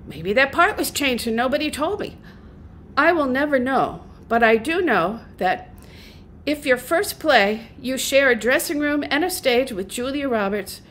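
With a voice that sits high, a middle-aged woman who sings folk music shares an amusing story as a guest. She's animated and self-mocking, often breaking into laughter.

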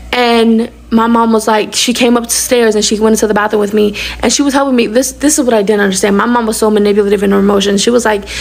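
A young woman recounts a personal storytime in a casual, rapid rush. Her voice sits a little high with a gravelly fry running through it, and she performs the lines of dialogue she quotes. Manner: rapid, animated retelling that acts out quoted dialogue.

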